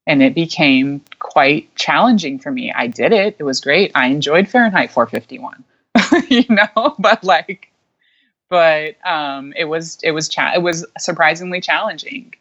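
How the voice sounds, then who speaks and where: A woman's voice: low voice, animated, unhurried, a bit bright. A young adult woman, a guest, telling her story in a casual, chatty way with frequent laughs and fillers. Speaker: guest, micro school founder. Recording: dull lo-fi sound.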